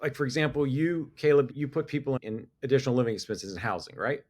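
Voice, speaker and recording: A middle-aged man talks as a guest in a casual podcast conversation. His voice sits at an ordinary pitch, and he is talkative and laughs easily. He often stops and restarts his sentences as he thinks aloud. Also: animated, fast, darkish tone. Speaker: business owner guest.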